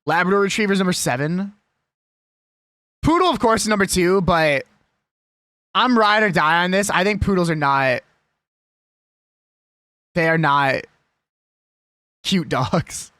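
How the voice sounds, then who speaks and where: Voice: medium pitch, expressive, measured pace, long pauses, a bit bright, dry recording, studio quality. A young adult live streamer chatting casually and with strong opinions while reading a list aloud.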